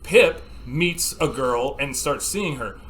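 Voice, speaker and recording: Animated swearing podcast dad, bright voice. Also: male voice, medium pitch, slow. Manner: animated storyteller, acts out scenes with sudden shouts; swears freely. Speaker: podcast co-host. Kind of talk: casual chat.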